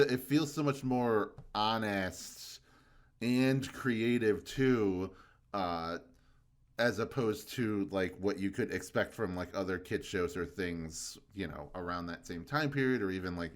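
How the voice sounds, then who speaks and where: A young man co-hosting a podcast, chatting casually in a rambling way with many fillers and easy laughs. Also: low-pitched. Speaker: podcast co-host. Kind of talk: casual chat.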